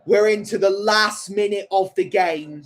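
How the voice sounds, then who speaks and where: A young man hosting a football watchalong, giving an excitable running play-by-play. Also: sits high, a little slow. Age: young adult. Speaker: livestream host. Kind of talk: live match watchalong commentary.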